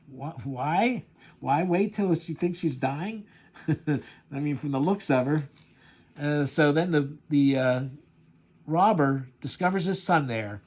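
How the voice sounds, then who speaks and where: A man casually commenting on a comic book. He talks haltingly with many fillers and often chuckles. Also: a little high, expressive, darkish tone. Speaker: comic reviewer.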